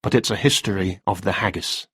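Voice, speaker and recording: A man voicing a nervous middle-aged male writer who rambles and hedges, with a husky voice. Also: sits low, a little fast, a bit bright, no room sound, clean studio sound, exaggerated voice. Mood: subdued. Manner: hesitant, rambling and defensive.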